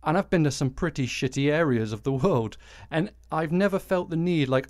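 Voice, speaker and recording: A man's voice: fairly high pitch, moderate pace, hardly any pauses, darkish tone, no echo, studio quality. A British man in his forties hosting a solo podcast, ranting with exasperation and frequent swearing. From Britain. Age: 40s. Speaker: podcast host.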